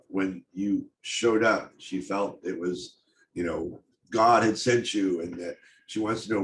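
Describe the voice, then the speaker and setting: Low-voiced man telling a story haltingly. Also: a little hiss or hum. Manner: halting, many ums and restarts. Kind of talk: casual spoken storytelling. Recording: roomy echo, faint background ambience.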